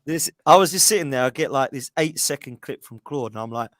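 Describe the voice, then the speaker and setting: A man's voice: mid-range voice, lively intonation, fairly quick. A man on a casual podcast, reminiscing fondly, laughing and repeating himself as he talks. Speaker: podcast guest.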